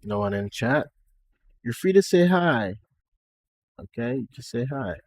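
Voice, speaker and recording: Speaking a little slowly at medium pitch, a young Nigerian man sounds animated and self-amused as he chats on a live stream. He uses an affected generic American-Canadian accent, often laughing between remarks. No echo can be heard.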